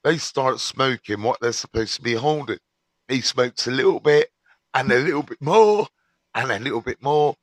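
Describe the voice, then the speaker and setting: A man's voice: medium pitch, lively intonation, moderate pace, no echo. A middle-aged man hosting a live stream, telling a prison story with swearing and street slang.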